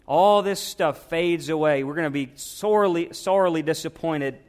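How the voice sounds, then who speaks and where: A man's voice: fairly high pitch, moderate pace, a little mellow. A man, a pastor, preaching a sermon and asking his congregation questions.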